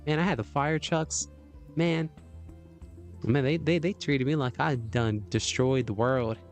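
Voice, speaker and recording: A man's voice: medium pitch, fairly even intonation, a little slow, faint music behind. A man hosting a livestream, chatting casually, rambling with lots of fillers and laughs. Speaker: livestream host.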